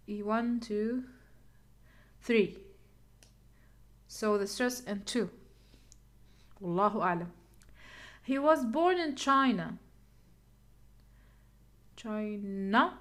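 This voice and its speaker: A woman teaching English word stress, talking slowly and deliberately, counting out syllables and thinking aloud. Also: on the high side. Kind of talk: slow classroom-style lesson, counting syllables.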